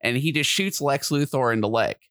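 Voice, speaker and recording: A man co-hosting a podcast in casual chat, excitable and quick to get loud and animated. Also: medium pitch, no room sound. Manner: excitable, gets loud and animated when riled. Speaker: podcast co-host.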